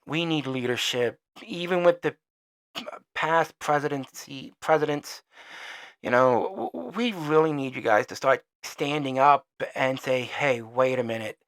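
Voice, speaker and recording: A man hosting his own podcast, speaking in a heated, profane and rambling rant, and he gets quieter as he signs off. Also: on the high side, smooth. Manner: trails off quieter when signing off. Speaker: podcast host. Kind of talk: solo opinion rant.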